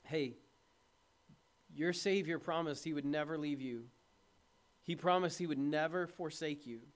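Male pastor with a high voice, preaching an earnest, plain-spoken sermon and asking his congregation questions. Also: unhurried. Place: church.

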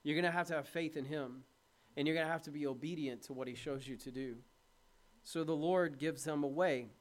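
Male pastor with a high voice, preaching an earnest, plain-spoken sermon and asking his congregation questions. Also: fairly even intonation, brisk. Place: church.

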